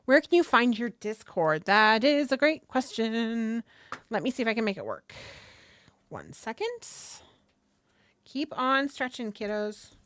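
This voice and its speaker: A woman hosts a casual livestream from a table, guiding viewers through stretches, swearing casually and greeting people from the chat into a nearby desk microphone. Her voice is a little high, sing-song, and a bit bright, at a measured pace.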